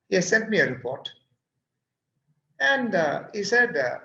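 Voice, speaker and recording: A man's voice: sits high, big pitch swings, moderate pace, pauses often, sharp tone, echoey room, muffled recording. A male teacher telling a story from his class as a lecture and posing reflective questions to listeners. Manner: recounts events, then asks reflective questions. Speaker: teacher and workshop speaker.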